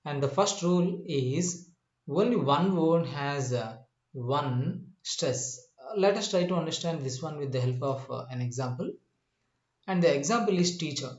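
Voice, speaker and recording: A male English teacher walking through a slide-based lesson in a slow, deliberate way, repeating his points and pausing often with "uh" and "you know.". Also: on the high side, expressive, darkish tone. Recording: echoey room.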